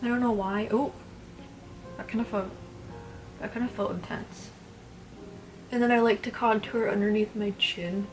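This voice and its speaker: A woman's voice: medium pitch, fairly even intonation, moderate pace, long pauses, a little mellow, faint music behind. A woman in her twenties chatting casually at home while doing her makeup, rambling and blunt, swearing freely. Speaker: beauty vlogger. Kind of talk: casual get-ready-with-me chat.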